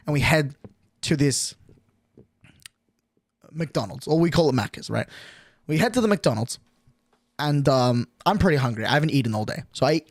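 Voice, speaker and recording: A young man chatting to his stream with a lively, bouncing delivery in a slightly raised voice. He rambles through his story, tagging lines with "right?" The sound is close and dry. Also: fairly high pitch, no room sound. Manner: animated, rambling, with frequent "right?". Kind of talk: casual storytelling to chat.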